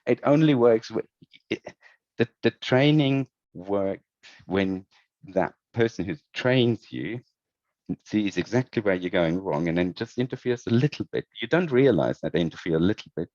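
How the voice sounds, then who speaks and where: A man's voice: on the low side, lively intonation, normal speed, darkish tone, dry recording. A man being interviewed about his work, talking thoughtfully with many restarts and repeated words. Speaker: guest, head of user experience. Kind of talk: conversational podcast interview. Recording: dull, lo-fi remote audio.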